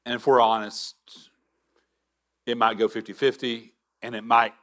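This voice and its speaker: A man preaching a sermon as pastor, earnest, with halting restarts and drops to a near whisper for emphasis. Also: mid-range voice, little pitch movement, fairly bright tone.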